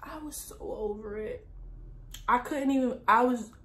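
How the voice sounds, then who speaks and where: A young woman vlogger telling a personal story in a casual, animated way, full of asides. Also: on the high side, unhurried, background noise. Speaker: lifestyle vlogger.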